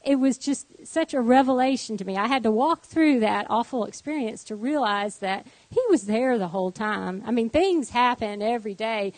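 A woman sharing a personal faith testimony as a guest, telling her story in an animated way. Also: no room sound, low-quality recording. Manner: animated storytelling, voice rising high in acted quotes, laughing.

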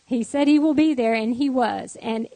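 A woman sharing a personal faith testimony as a guest, telling her story in an animated way. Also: moderate pace, no echo, poor audio. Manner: animated storytelling, voice rising high in acted quotes, laughing.

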